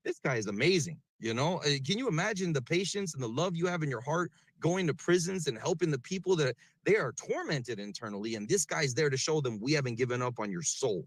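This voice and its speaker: Man, earnest and heartfelt, lively rising and falling pitch, dry close sound. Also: fast, few pauses, no echo. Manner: earnest, warm praise, stumbling restarts. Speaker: caller in audio chat. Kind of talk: casual heartfelt talk.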